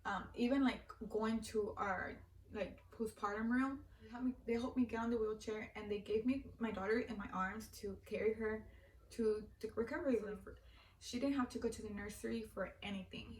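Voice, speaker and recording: A woman's voice: fairly high pitch, fairly even intonation, a little fast, echoey room, far from the mic, a little hiss or hum, rough recording. Teary young woman telling a story. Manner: filler-heavy, heartfelt, repeats "like". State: teary-eyed. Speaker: vlogger. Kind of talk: personal storytelling.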